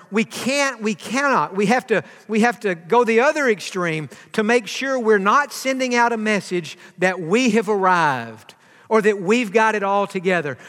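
High-voiced preacher in a reverberant hall. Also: male voice, a bit bright. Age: 50s. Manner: earnest, repeats words while building a point. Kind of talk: sermon.

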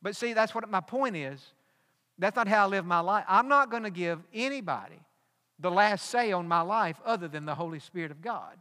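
A man's voice: high-pitched, expressive, moderate pace, sharp tone, big-room sound. A man preaching a sermon, telling a personal story and building to emphatic peaks. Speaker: pastor.

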